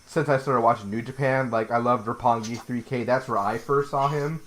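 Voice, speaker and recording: A man's voice: mid-range voice, steady tone, normal speed, a bit bright, slight background noise. A man co-hosting a wrestling podcast in casual chat, blunt and opinionated, swearing freely. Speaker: podcast co-host.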